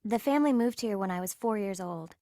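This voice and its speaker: A woman's voice: medium pitch, lively intonation, a little fast, mellow, dry recording, clean studio sound, close to an everyday voice. A woman with an American accent playing a polite young university student in a scripted textbook dialogue. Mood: pleasant. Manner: polite, clear answers.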